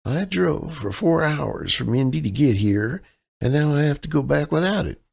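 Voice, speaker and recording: A man's voice: fairly high pitch, animated, normal speed, vocal fry, darkish tone, husky, pitched above the performer's own voice, exaggerated voice. A man voicing a female covert operative who poses as a chirpy clerk with a Midwestern accent, playing a breezy, flirty damsel in distress. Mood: bright, coaxing.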